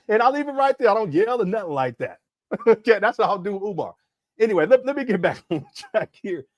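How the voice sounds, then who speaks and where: Middle-aged male livestream host, lively swings in pitch, slightly high voice, emphatic and chatty, laughs often. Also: brisk, lo-fi sound. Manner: animated, laughing, emphatic, conversational with chat. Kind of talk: casual livestream commentary.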